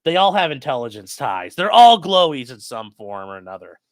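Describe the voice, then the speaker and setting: A man's voice: mid-range voice, big pitch swings, a little fast, no echo. Blunt, profane man hosting a livestream. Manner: blunt, profane, rambling with many fillers. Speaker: livestream host reading chat. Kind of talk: casual livestream commentary.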